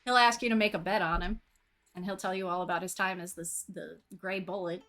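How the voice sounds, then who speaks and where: A woman's voice: lowish voice, steady tone, a little fast, fairly bright tone, soft background music. A woman playing a tabletop game in casual chat, talking freely and laughing often. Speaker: player. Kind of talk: casual tabletop role-play.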